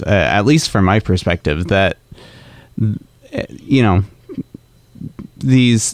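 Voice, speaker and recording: A man's voice: lowish voice, clean tone, no room sound. A man in a casual podcast discussion, thinking aloud with hesitant restarts and frequent agreement. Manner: hesitant, searching for words, agreeable.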